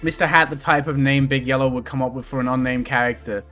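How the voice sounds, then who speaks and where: A man's voice: medium pitch, steady tone, fast, pushed and bright, faint music behind. A man streaming a game, chatting casually and jokily, swearing freely as he rambles. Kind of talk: casual gameplay commentary.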